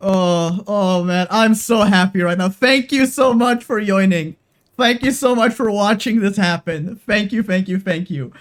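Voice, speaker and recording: A woman's voice: mid-range voice, unhurried. A young adult woman streaming a game live, talking emotionally and swearing freely as she repeats herself. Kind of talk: live-stream gaming commentary.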